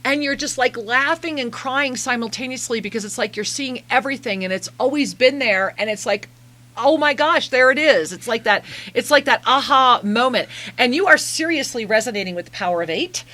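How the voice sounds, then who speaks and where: A woman hosting a call-in radio show, giving effusive, emotional soul readings that slow into soft guided meditation. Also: a little high. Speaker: radio show host and spiritual reader.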